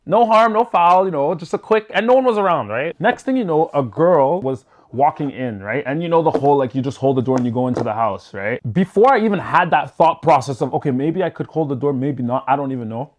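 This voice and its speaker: Man, casual story time, slightly high voice, animated, cursing, chatty fillers. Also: fairly quick, hardly any pauses. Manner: animated, swears freely, chatty with lots of fillers. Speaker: storyteller vlogger.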